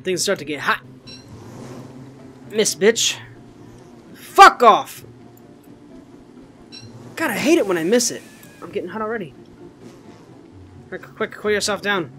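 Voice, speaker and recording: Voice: medium pitch, expressive, moderate pace, pauses often, fairly bright tone, faint music behind. A gaming channel host giving casual let's-play commentary, goofy and rambling, swearing often.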